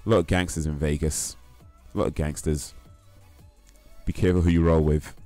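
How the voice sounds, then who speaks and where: A man's voice: rumbling low, fairly even intonation, moderate pace, dark tone, soft background music. A young man chatting casually while streaming a game, in a rambling, laid-back, slangy way. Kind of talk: casual live-stream chat while gaming.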